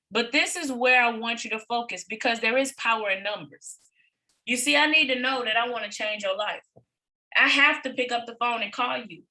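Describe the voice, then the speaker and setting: High bright-voiced woman coach. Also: poor audio. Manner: repetitive and emphatic, peppered with rhetorical questions. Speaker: business coach presenting to a team. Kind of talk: motivational training talk.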